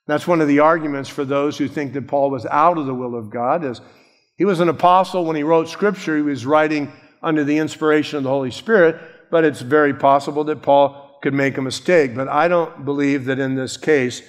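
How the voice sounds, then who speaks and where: A man's voice: fairly high pitch, a little fast. Man preaching in an echoing church. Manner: conversational, animated preaching that acts out quotes. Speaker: pastor. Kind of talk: sermon. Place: church sanctuary. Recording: long reverb of a church hall.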